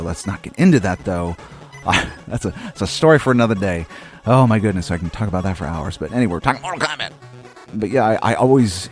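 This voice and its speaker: A man from Maine in his thirties, hosting a retro game playthrough and rambling through casual, profane, wry commentary. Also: lowish voice. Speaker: host. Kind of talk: casual let's-play commentary.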